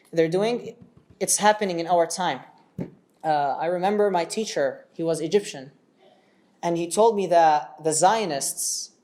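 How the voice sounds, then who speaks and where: A man's voice: on the high side, a little mellow. A man teaching a religious story in a casual, conversational way, often checking in with his listeners and going off on tangents.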